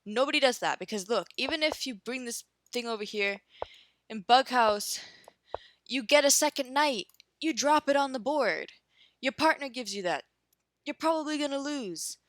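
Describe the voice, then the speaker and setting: A woman's voice: high voice, lively intonation, normal speed, fairly bright tone, no room sound. A young woman giving casual chess commentary while she plays online, ranting and swearing with lots of fillers. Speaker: chess streamer.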